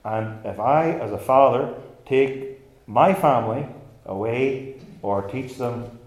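A man's voice: medium pitch, slow. A man preaching a sermon in an emphatic style, using rhetorical questions. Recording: echoey church room.

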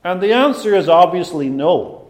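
A man preaching a sermon, deliberate and emphatic, with dramatic pauses. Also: sits high, animated, echoey room.

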